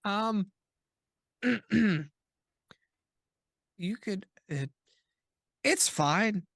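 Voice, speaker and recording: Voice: medium pitch, very slow, a bit bright, dry recording, studio quality. A player in a tabletop game talking casually in a chatty, rambling way.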